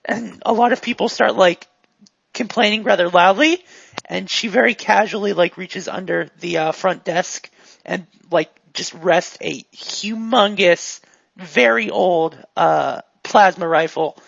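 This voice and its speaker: A woman's voice: on the low side, a little slow, vocal fry, no echo. A woman narrating as game master in a tabletop game, casual and full of fillers. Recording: dull, lo-fi dry mic.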